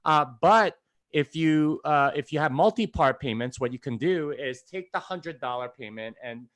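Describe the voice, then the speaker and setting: A man's voice: a little high, lively intonation, moderate pace, a bit bright, no echo. A man appearing as a podcast guest, explaining things in a loose, casual way with many fillers. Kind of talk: casual chat.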